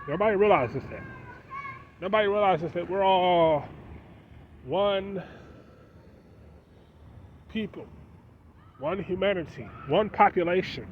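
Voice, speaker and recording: A man talking casually to his viewers in a preachy monologue, firing off rhetorical questions. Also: fairly high pitch. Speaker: vlogger. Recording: dull lo-fi sound with faint street noise.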